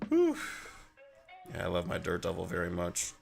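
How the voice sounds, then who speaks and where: Man, low gravelly voice, rambling casual stream chat, filler-heavy, faint music behind. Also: huge pitch swings, normal speed. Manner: rambling and chatty, full of fillers and chuckles, reads chat aloud. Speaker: livestreamer painting miniatures. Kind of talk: casual livestream chat while painting.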